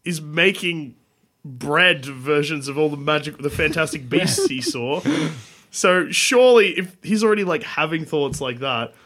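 A man's voice: fairly high pitch, expressive, moderate pace, fairly bright tone. Joking, blunt man. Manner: joking, blunt, swears freely. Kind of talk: casual chat.

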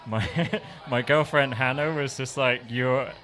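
A man's voice: mid-range voice, fairly even intonation, unhurried, fairly bright tone. An English man, a music producer guest, chatting casually on a live podcast with a rambling, self-mocking manner and frequent laughs. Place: live podcast in a bar venue.

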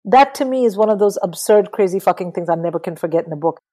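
A middle-aged woman talking casually about books in an interview, animated and swearing freely. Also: mid-range voice, fast talker, poor audio. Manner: animated, swears, mimics people in quotes. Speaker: guest.

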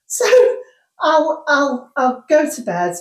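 Wry older woman, slow, in a roomy echo. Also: high-pitched, animated. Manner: wry, mock-exasperated. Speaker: guest, co-host's mother. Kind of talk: casual chat, storytelling.

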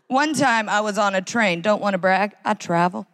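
A woman's voice: medium pitch, normal speed, fairly bright tone. A woman doing sardonic live stand-up comedy on a concert hall stage, mimicking voices. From United States.

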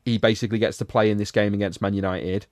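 A man's voice: on the low side, level tone, quick pace, no room sound, clean studio sound. A man hosting a podcast, giving a sardonic, rambling recap of a film in casual chat. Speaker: podcast host reviewing a film.

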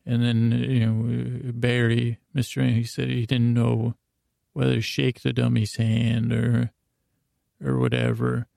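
A man's voice: mid-range voice, completely flat delivery, measured pace, gravelly, dark tone, no echo, studio quality. A man hosting a show, telling a meandering bedtime story in a drowsy, wandering way. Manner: meandering, drowsy, full of fillers and restarts. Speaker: host.

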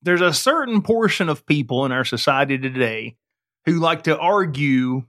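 A man co-hosting a podcast, reading listener questions and adding quick, laughing asides in casual chat. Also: on the high side, lively intonation, fairly bright tone.

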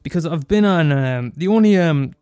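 A man's voice: a little high, normal speed, smooth, dry recording, studio quality. A young man in his twenties with an Irish accent, ranting casually and cursing freely. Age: 20s. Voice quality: sweary, animated rant. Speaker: student radio host. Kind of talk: casual monologue.

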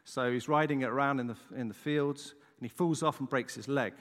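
A man's voice: medium pitch, a little fast, fairly bright tone, long reverb tail. A man preaching a casual sermon, chatty and conversational, tossing in "right?" asides as he tells a story.

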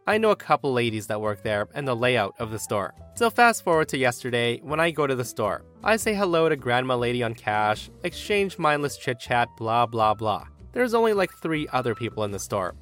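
A man hosting a show, reading online stories aloud in an animated storytelling way and jumping his pitch for quoted people. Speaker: host.

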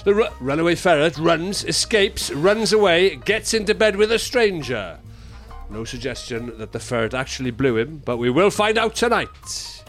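A man's voice: a little high, sing-song, normal speed, fairly bright tone, soft background music. A Welsh man co-hosting a casual comedy podcast, bantering dryly and swearing now and then. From Wales. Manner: dry, joking banter with swearing. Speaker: podcast co-host.

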